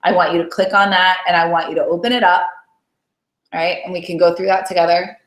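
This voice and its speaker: Speaking fairly quickly in a lowish voice with fairly even intonation, this weight-loss coach runs a motivational live call. She chats warmly, cheering listeners on and often tossing in "right?" to check in. There's a roomy echo on the audio.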